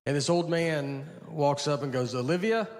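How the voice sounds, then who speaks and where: Male stand-up, slightly high voice, low-key, rambling, self-deprecating. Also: fairly even intonation, a little slow, heavy background noise. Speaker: stand-up comedian. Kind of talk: stand-up comedy storytelling. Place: live comedy venue with audience.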